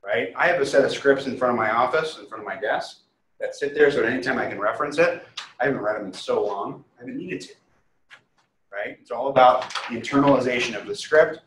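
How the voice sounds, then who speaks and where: An energetic man teaches a roomful of new agents, pushing them with quick questions. His mid-range voice arrives from a distance, with the room echoing around it and a faint hiss underneath. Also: mid-range voice. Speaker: real estate trainer. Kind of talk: classroom training talk. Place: training room with a group.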